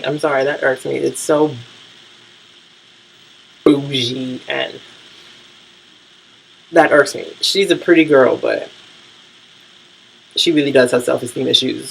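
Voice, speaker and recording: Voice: medium pitch, gravelly, slight background noise, poor audio. A vlogger giving a casual, profane, rambling recap of the week's TV shows, full of fillers and blunt opinions.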